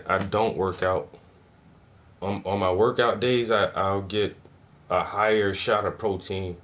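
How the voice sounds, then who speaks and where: A man's voice: fairly low pitch, fairly bright tone. A man from South Carolina chatting casually for his vlog at home, loose and profane, laughing often. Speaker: vlogger. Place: indoors at home.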